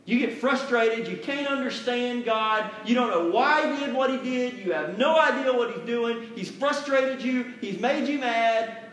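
A man preaches a sermon with an emphatic, conversational delivery, slipping into little acted-out voices for quotes. His voice sits high for a man. The sound is roomy, with a noticeable echo around him. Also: measured pace, fairly bright tone, a little hiss or hum. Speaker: pastor.

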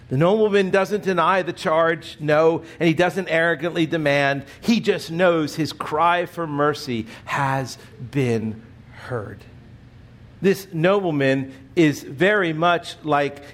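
Earnest, slow-paced male preacher. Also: fairly high pitch. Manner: earnest, emphatic preaching, clears throat often. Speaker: pastor. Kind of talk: sermon.

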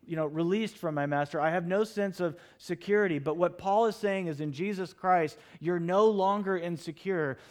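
A middle-aged man preaching in a church sanctuary, with a voice pitched a touch high for a man. He tells stories with lively energy and acts out his own shouted lines. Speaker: pastor. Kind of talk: sermon.

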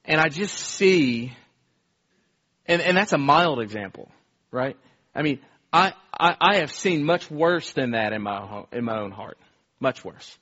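A man's voice: a little high, animated, measured pace, fairly bright tone, lo-fi sound. A man preaching a conversational sermon, telling stories earnestly with frequent restarts and repeated words. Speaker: pastor.

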